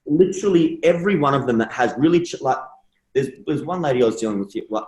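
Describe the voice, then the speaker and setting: A man's voice: medium pitch, quick pace, reverberant, poor audio. A young man, an interview guest, telling stories casually and acting out dialogue in shifting voices. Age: young adult. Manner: animated storyteller, acts out dialogue in shifting voices.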